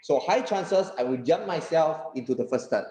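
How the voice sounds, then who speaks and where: A man with a Malaysian English accent giving a workshop lecture as a trainer, animated, laughing often and checking in with the audience. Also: a little high, normal speed, reverberant, poor audio. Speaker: corporate trainer.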